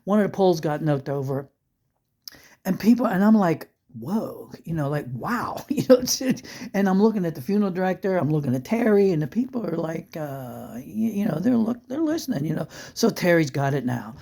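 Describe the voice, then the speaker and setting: A man spins a story aloud in a casual, wandering way, doubling back on his words. His voice is warm and relaxed. He chuckles at the funny parts. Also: sits high, a little fast, gravelly. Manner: conversational, rambling with restarts and asides; chuckles through funny moments. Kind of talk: spoken storytelling.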